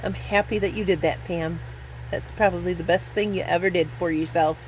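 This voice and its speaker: A woman's voice: on the low side, fairly even intonation, fairly quick, a little hiss or hum, poor audio. A woman in her fifties telling rambling personal stories in a casual vlog, self-deprecating and laughing often. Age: 50s. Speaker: vlogger.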